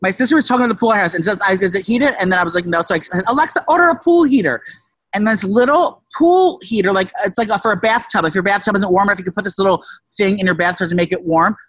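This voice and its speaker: A casual, profane storyteller who rambles with many restarts and shouted quotes. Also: male voice, high voice, steady tone, rapid-fire, no echo. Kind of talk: casual chat.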